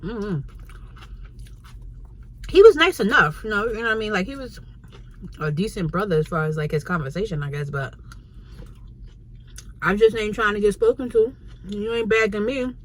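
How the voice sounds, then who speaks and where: A woman's voice: medium pitch, lively intonation, normal speed, pauses often. A woman from New York with a New York accent, telling a story in a casual, slangy and blunt way for her vlog from a restaurant. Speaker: vlogger. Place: Chinese restaurant, indoors.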